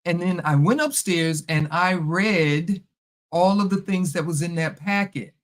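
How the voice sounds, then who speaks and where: A middle-aged woman talks through a personal story in a relaxed, chatty monologue. She is animated and keeps slipping into the voices of the people in her story. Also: lowish voice, a little slow. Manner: animated, acts out past conversations. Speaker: podcast host.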